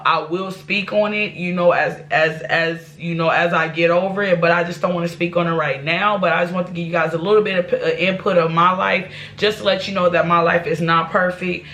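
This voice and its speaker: A woman's voice: on the low side, fairly even intonation, normal speed, a bit bright. A woman vlogger telling a personal life story to her viewers, candid and rambling, with restarts and asides. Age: adult.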